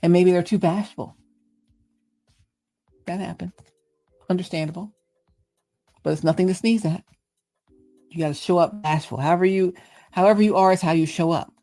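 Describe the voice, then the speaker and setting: Host, middle-aged Southern woman, gravelly and playful, thinking out loud; dry mic with faint music. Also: on the low side, fairly even intonation, moderate pace, pauses often, no echo. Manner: chatty, playful, musing aloud. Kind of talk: casual reflective monologue.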